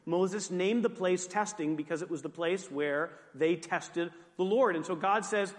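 A man delivering a sermon in a clear, high tenor, loose and conversational, dropping wry asides between readings. His voice rings out through a large hall with a long, lingering echo. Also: measured pace, hardly any pauses. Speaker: pastor.

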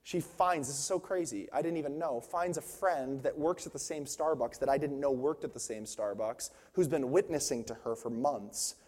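A man's voice: medium pitch, moderate pace, few pauses, darkish tone. A young man preaching a sermon on stage, telling personal stories and building to fervent, emphatic preaching. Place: large church hall on stage. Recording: long hall reverb.

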